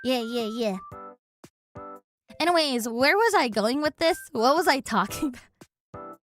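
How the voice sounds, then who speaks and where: A young woman chatting casually with her stream audience, rambling and breaking into sarcastic, excitable outbursts. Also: high voice, a little slow, soft background music. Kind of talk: casual chat.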